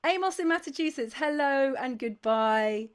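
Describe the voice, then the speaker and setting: A woman's voice: sits high, expressive, moderate pace. A woman hosting a sing-along livestream, chatting casually, gushing with thanks and reading out viewers' names one after another.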